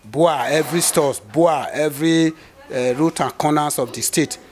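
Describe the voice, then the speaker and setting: Man explaining things in an interview, bit high voice, lots of uhs. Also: normal speed, a little mellow, a little hiss or hum. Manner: hesitant, many fillers and restarts. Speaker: cement trade guest.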